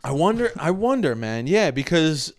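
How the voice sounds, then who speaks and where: A man from Long Island, a comedian telling quick stories and joking asides in casual podcast chat. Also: on the high side, very animated, a loud crowd. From New York (Long Island). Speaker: comedian guest.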